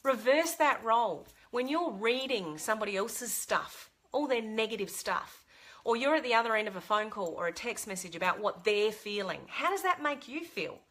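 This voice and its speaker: A woman with a bright, forward voice talks straight to the camera, giving earnest advice. She is middle-aged and speaks casually, with fillers and restarts. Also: on the high side, animated, moderate pace. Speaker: vlogger giving life advice.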